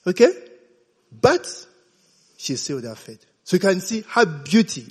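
Male preacher, slow deliberate sermon, husky voice, emphatic, echoey church hall. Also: sits high, very animated. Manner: emphatic, asks the congregation "okay?" often.

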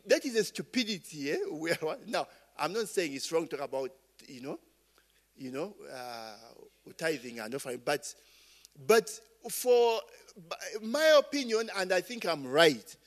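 Ugandan male pastor, middle-aged, slow and rambling sermon delivery, fairly high voice, keeps checking in with the crowd. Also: expressive. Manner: rambling, call-and-response asides, frequent "eh?" and "okay?".

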